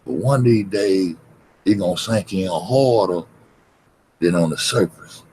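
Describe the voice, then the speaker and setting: A man's voice: low-pitched, unhurried, darkish tone, slightly rough, low-quality recording. A man livestreaming, ranting at his chat in a confrontational, heavily cursing, repetitive way. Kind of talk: profane rant at chat.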